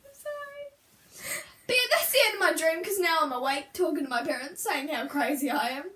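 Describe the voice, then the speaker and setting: A woman's voice: high voice, animated, quick pace, fairly bright tone. A woman animatedly telling the story of a dream in a casual story-time video, acting out voices with gasps and screams. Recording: echoey room from a distant mic.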